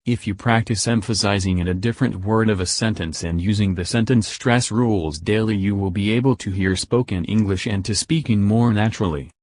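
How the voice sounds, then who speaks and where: Man, low voice, dry close recording, measured teacher narration. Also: a little mellow, no room sound. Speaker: English pronunciation teacher. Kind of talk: scripted lesson narration.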